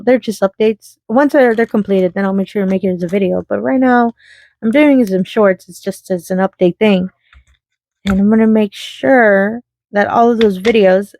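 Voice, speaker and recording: A woman's voice: mid-range voice, a little mellow, no echo. Chatty giggly woman crafting on camera. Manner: chatty, giggly, talks to viewers while sorting beads. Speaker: craft channel host. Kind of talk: casual crafting chat.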